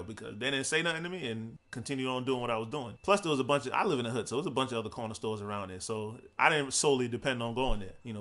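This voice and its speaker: Young man from Providence, quick bright delivery, loose profane storyteller. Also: mid-range voice. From Providence, Rhode Island. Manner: laid-back, profane, laughs through stories. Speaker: podcast host. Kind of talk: casual storytelling.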